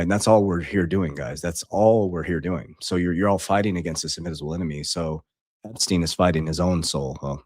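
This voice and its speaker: A middle-aged coach talks straight to his followers in a very deep voice, blunt and profane, circling back and restarting as he goes. The sound is dry and close. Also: dry recording. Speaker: online coach. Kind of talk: casual storytelling to followers.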